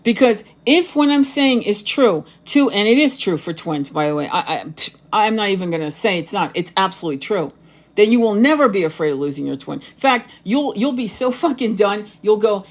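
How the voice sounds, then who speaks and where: A woman streaming live as a tarot reader, speaking bluntly and with plenty of swearing. She is fiery and emphatic, circling back to repeat her points, in a voice of ordinary middle pitch. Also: lively intonation, a little fast. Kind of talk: live-streamed spiritual talk.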